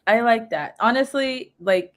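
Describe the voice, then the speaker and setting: A woman's voice: a little high, unhurried. A woman hosting a casual livestream interview, bubbly and enthusiastic, laughing often. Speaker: livestream host.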